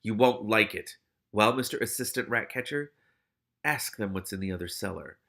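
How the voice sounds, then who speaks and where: A man reading the lines of a calm, shrewd young man who asks pointed questions. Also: fairly low pitch, moderate pace, vocal fry, heavily acted.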